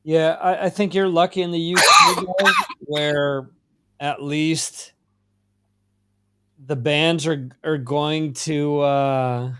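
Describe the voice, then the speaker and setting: Slow-talking American man hosting a podcast. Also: a little high. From United States. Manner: relaxed, unhurried, many fillers and restarts. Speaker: podcast host. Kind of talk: casual music chat.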